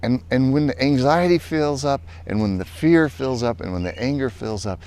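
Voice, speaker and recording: A male pastor telling a personal story in a lively way, then turning earnest and reflective as he draws a lesson. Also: medium pitch, moderate pace, few pauses, slight background noise. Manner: animated storytelling, later calm and earnest. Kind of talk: storytelling devotional talk.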